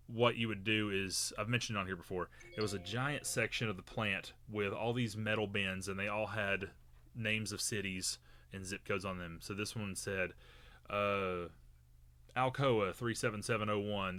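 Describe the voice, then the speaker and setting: A man's voice: fairly low pitch, sharp tone, dry recording. A man co-hosting a podcast, telling a long story in a rambling, casual way with many fillers and restarts. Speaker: podcast co-host.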